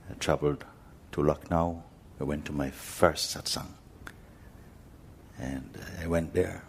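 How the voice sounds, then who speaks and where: A man who teaches spirituality, telling a personal story to a gathering in a gentle, unhurried way with frequent pauses. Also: a bass voice, steady tone, creaky, slight background noise. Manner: gentle, unhurried, pausing often. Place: talk hall in India.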